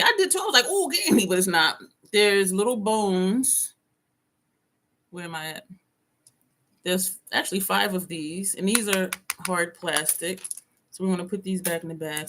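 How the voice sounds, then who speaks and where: Woman doing a chatty live unboxing at her desk, mid-pitched voice, talks to viewers by name. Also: a bit bright, a little hiss or hum. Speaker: beauty vlogger hosting a live stream. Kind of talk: casual live-stream unboxing chat. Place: home desk.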